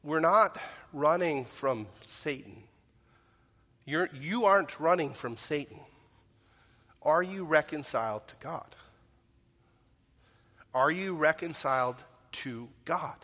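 A man preaching a sermon, earnest and direct as he puts questions to the people in front of him. His voice sits a little high and rings bright and forceful. The sound carries the long reverb of a large church sanctuary. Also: lively intonation, takes it slowly, long pauses. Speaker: pastor.

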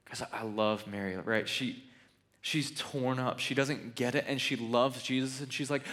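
A man preaching a sermon in an animated, conversational way with joking asides. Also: mid-range voice, moderate pace. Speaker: pastor.

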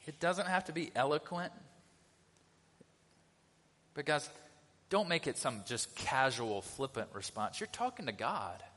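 Lively man preaching in a reverberant hall. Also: a little high, unhurried, long pauses. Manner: conversational preaching, asks the congregation questions. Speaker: pastor. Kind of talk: sermon. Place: church sanctuary. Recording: long reverb of a church hall.

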